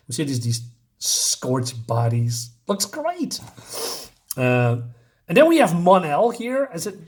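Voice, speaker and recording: A man's voice: on the high side, huge pitch swings, measured pace, husky. A man reviewing a comic book in a loose, rambling way, paraphrasing panels with lots of fillers. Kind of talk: casual solo review.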